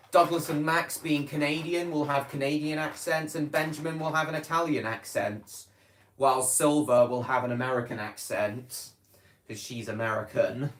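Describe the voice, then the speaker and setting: Casual male vlogger, mid-pitched voice, hesitant and rambling, recorded in a roomy, echoey space. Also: fairly bright tone. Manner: rambling, hesitant, many fillers and restarts. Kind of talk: casual chat. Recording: roomy echo.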